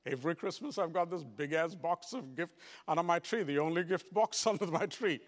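A man preaching a sermon as a pastor, talking straight to his congregation with lively repeats and restarts. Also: fairly high pitch, brisk, long reverb tail. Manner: animated, repetitive restarts, addresses congregation directly.

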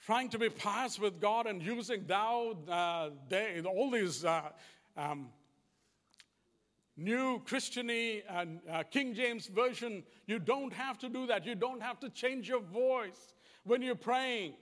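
High-voiced Kiwi preacher in a reverberant hall. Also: male voice, takes it slowly, fairly bright tone. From New Zealand. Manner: earnest, repetitive, plain-spoken. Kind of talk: conversational sermon.

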